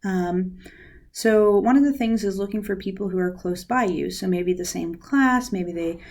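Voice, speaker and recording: She speaks at a normal speed with a medium pitch. A young woman working in university outreach, she runs a casual guided lesson on counseling skills, relaxed and full of "um" and "like."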